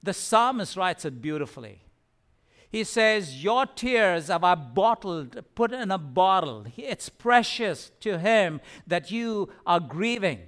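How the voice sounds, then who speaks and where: A man's voice: high-pitched, animated, takes it slowly, fairly bright tone. A man pastor preaching an earnest sermon, repeating phrases for emphasis and sometimes stumbling over words.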